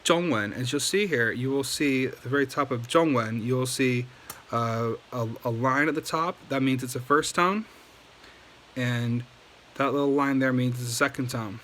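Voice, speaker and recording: Bright-voiced man teaching a casual lesson. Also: medium pitch, moderate pace, slight background noise, low-quality recording. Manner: patient, repeats okay after each point. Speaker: Chinese language teacher. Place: home at night.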